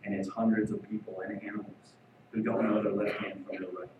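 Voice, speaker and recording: A man voicing God as a calm, gently questioning deity in a sermon retelling. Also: brisk, muffled recording, background noise, natural voice. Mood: gentle questioning. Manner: low, hushed, probing questions. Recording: very echoey hall, far from mic.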